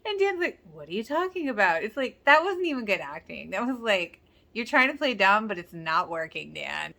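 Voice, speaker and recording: A woman's voice: mid-range voice, big pitch swings, normal speed, vocal fry, sharp tone. Chatty woman reacting to a TV episode. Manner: chatty, exclaims and laughs often, quotes characters. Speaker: rewatch reaction host. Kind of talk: casual reaction commentary.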